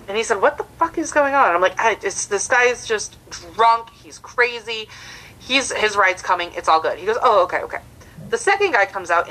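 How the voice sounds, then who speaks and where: Animated bright-voiced woman telling a story. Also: mid-range voice, poor audio. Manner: animated, acts out the people in her story. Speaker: comedian guest. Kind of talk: storytelling in casual podcast chat.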